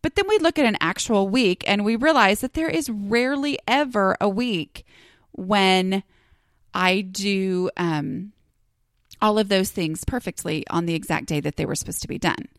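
A woman's voice: mid-range voice, normal speed. A woman talks through her own podcast in an easygoing, rambling way, scattering fillers and poking fun at herself. Her voice sits in a middling range. The sound is close and dry, with no room echo. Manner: chatty, rambling, self-deprecating with many fillers. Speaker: podcast host. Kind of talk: casual solo podcast talk.

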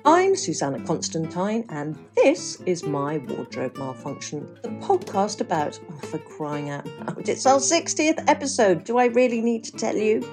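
A woman's voice: mid-range voice, very animated, normal speed, few pauses, music in the background. A middle-aged woman from the UK hosting a podcast, bubbly and exclamatory, with some swearing. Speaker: podcast host. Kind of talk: casual interview chat.

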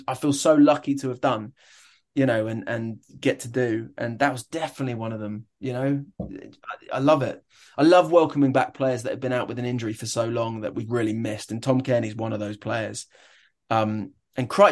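A young adult man, a stadium announcer, chatting in an interview and telling stories with enthusiasm and many restarts. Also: medium pitch. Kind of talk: casual interview chat.

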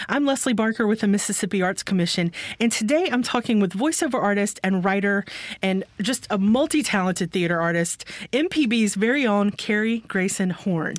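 A woman hosting a radio interview, friendly and chatty with quick asides. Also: medium pitch, lively intonation, dry recording. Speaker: radio show host.

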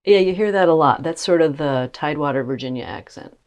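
A low-voiced woman co-hosts a podcast in relaxed chat. She chimes in with asides and speaks with no regional accent. Recorded on a portable mic in a closet. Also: a little fast. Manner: easygoing, chiming in with asides. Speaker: podcast co-host. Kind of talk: casual chat. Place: closet in a cottage.

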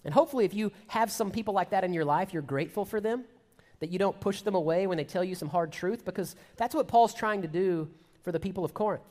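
A man's voice: high-pitched, fast talker, darkish tone, long reverb tail. A man preaching a sermon in a conversational style, acting out sarcastic paraphrases.

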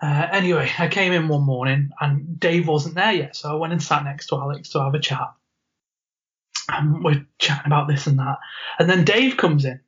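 A man's voice: fairly high pitch, moderate pace. Laughing man telling a story. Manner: animated storyteller, laughs often, acts out quotes. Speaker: podcast co-host. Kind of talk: casual storytelling chat. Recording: muffled lo-fi podcast audio.

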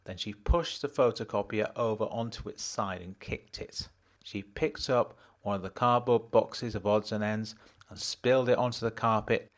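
A man's voice: on the low side, moderate pace. A man narrating an audiobook in the first person, dry and matter-of-fact.

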